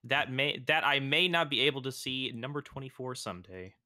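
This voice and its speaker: A man voicing a calm, reflective female android girl, reading game text aloud in a slow, deliberate way. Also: mid-range voice. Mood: musing.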